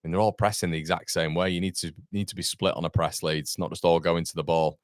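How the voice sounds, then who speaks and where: Low-voiced fan commentator. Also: male voice, steady tone, quick pace, no echo, studio quality. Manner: running play-by-play, answering viewer chat; exasperated, partisan outbursts. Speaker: fan channel host. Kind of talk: live match watchalong commentary.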